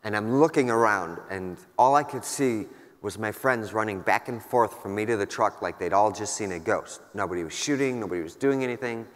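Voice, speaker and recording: Lowish-voiced guy in his 30s, keynote speaker, wry and casual, long echo from a big hall. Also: brisk. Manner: candid, casual, wry, filler-heavy storytelling. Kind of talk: personal war story told on stage. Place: large conference hall.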